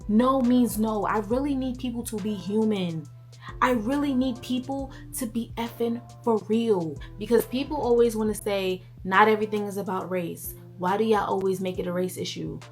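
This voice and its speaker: Woman commentator, mid-pitched, deliberate and indignant, faint music under her. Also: a little mellow. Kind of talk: scripted commentary monologue.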